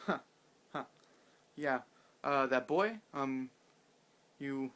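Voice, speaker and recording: A man's voice: mid-range voice, drawn-out words, a bit bright. A man doing a dismissive mystery woman fighter.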